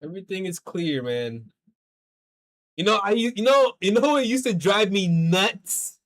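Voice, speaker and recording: A man with a notably high voice chats with viewers while he plays a game. His talk is rambling and loose, heavy with swearing as he vents. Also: unhurried. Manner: profane, rambling, animated venting. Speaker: streamer. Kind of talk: casual livestream chat while gaming.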